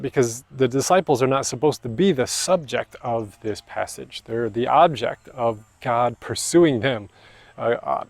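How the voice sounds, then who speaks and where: A man's voice: medium pitch, no echo. A man preaching a sermon as pastor, in a casual, conversational way with slangy asides. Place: church.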